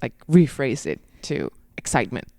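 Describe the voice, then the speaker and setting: A woman's voice: rumbling low, very animated, normal speed, creaky, a little mellow, no echo, clean studio sound. A woman guest on a podcast, talking casually and animatedly about dance, laughing at herself and acting out little quotes.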